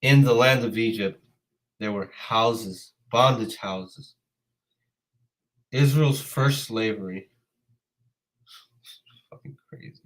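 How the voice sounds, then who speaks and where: A man's voice: mid-range voice, takes it slowly, pauses often, rough recording. Exasperated, profane man on a livestream. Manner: profane, exasperated, calls out commenters. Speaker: livestream host. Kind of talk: casual livestream rant.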